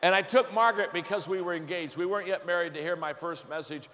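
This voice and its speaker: A man preaching, telling a folksy, self-deprecating story in an animated way and often restarting his sentences. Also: high-pitched, fast talker, in a large hall. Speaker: pastor. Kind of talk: storytelling sermon.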